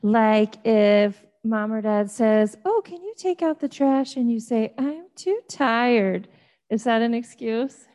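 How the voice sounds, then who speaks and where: A woman leads a children's Bible lesson at an unhurried pace. Her voice sits in a middle register, and she talks gently, checking in with the kids through simple questions. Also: medium pitch, gravelly. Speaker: children's ministry teacher.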